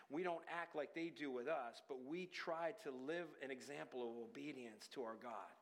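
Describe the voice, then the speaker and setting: A man's voice: a little high, fairly bright tone, big-room sound. A man preaching a sermon as pastor, who acts out whiny children and parents in little scenes.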